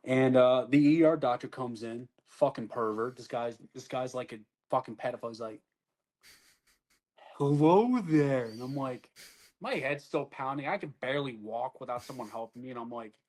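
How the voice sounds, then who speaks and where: A man's voice: medium pitch, fairly even intonation, a little fast, hardly any pauses, a little mellow. A man who served as an army soldier, telling his story in a blunt, profane, conversational way and acting out what others said to him.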